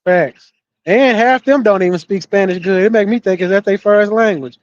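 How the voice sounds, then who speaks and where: High-voiced man in casual chat. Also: normal speed. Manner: laughs often, quotes people in put-on voices. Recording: dull, dry recording.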